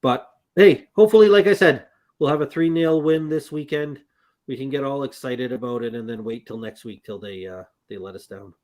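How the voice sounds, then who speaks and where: A man co-hosts a casual football talk stream and trades joking, self-deprecating banter. His voice sits at an ordinary middle pitch. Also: a little fast, darkish tone. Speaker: co-host.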